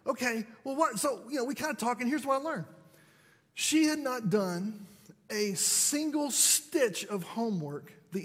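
A man telling parenting stories to an audience in an animated, self-deprecating way. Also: extremely high pitch, slightly rough, big-room sound. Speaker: parent and speaker. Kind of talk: storytelling talk to an audience.

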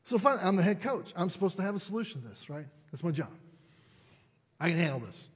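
Husky high-voiced man in a reverberant hall. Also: fast. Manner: animated, self-deprecating storyteller. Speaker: parent and speaker. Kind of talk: storytelling talk to an audience.

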